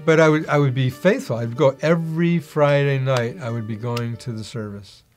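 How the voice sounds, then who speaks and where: A man's voice: mid-range voice, normal speed, faint music behind. A middle-aged man giving a personal testimony, acting out the voices of people in his story. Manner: acts out quoted dialogue in other voices. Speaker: interviewee telling his testimony.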